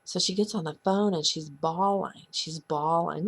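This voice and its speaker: A woman earnestly sharing a painful personal story in a halting, confessional way. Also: on the low side, steady tone, slightly rough. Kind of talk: heartfelt personal testimony.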